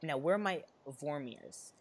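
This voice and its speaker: Here is an excitable podcast co-host in a loose, casual chat. The speaker rambles, restarting sentences and stacking up fillers along the way. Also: mid-range voice, a little slow, a little hiss or hum.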